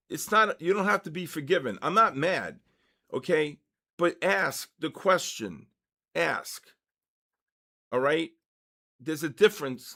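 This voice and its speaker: A man's voice: fairly high pitch, gravelly, a bit bright. A man in his sixties hosting a live trading session, lecturing emphatically and driving points home with repeated "okay?" and "all right?".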